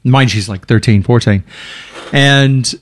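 A middle-aged man in casual chat, jokey and lively, who drops his voice low for the voices he quotes. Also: takes it slowly.

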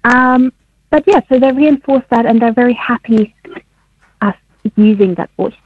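Woman guest, husky and fairly high, tinny phone line, laughs through explanations. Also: normal speed, no room sound. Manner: laughs often while explaining. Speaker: guest researcher. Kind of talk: explaining research on radio. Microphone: phone call.

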